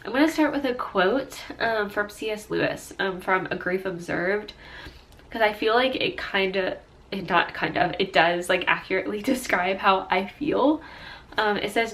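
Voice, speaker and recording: A woman's voice: medium pitch, fairly bright tone. A young woman in her twenties, a stay-at-home mom, talking through tears in a casual personal vlog; she sounds congested and sniffly and rambles with many fillers and restarts.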